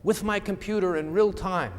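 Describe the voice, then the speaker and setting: A man putting on a high French accent to play a teasing young female model. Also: normal speed, big-room sound, close to an everyday voice. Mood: amused. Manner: high-pitched mock voice, admits he can't do the accent.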